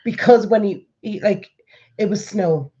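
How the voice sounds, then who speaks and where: Irish woman, forties, vlogger, mellow voice, lo-fi sound, lively storyteller. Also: medium pitch, measured pace, husky. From Ireland. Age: 40s. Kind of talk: casual chat.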